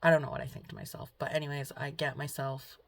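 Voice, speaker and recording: A young woman with a low, gravelly voice talks softly and hesitantly at home, filling her pauses with ums. She sounds emotional and close to tears. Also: fairly even intonation. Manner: soft, hesitant, full of ums and trailing off. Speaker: vlogger. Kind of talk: casual confessional vlog talk. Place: at home, indoors.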